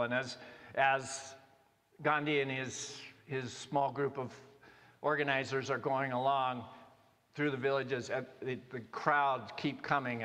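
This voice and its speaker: A male pastor preaching a sermon in a conversational, halting way, with many restarts and fillers. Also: medium pitch, a bit bright. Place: church sanctuary. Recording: long reverb of a church hall.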